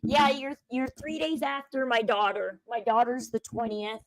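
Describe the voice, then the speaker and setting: A woman's voice: fairly high pitch, fairly even intonation, moderate pace, no room sound, low-quality recording. A woman hosting a casual livestream, giving opinions and chatting with viewers. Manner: chatty, opinionated, reads chat aloud. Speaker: livestream host. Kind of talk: casual commentary chat.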